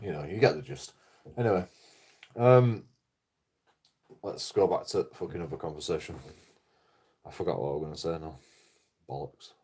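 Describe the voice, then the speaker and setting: Low-voiced sweary man rambling. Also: moderate pace, long pauses, warm tone, husky. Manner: sweary, rambling, repeats himself, laughs at his own jokes. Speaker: livestreaming vlogger. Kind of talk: rambling casual livestream chat.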